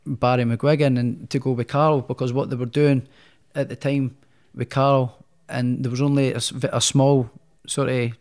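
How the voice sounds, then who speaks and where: A man's voice: mid-range voice, level tone, moderate pace, hardly any pauses, a little mellow, smooth. A Scottish man being interviewed as a guest, telling his story in a rambling, casual way full of restarts. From Scotland. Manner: rambling, many restarts and fillers, self-deprecating. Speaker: guest, professional boxer.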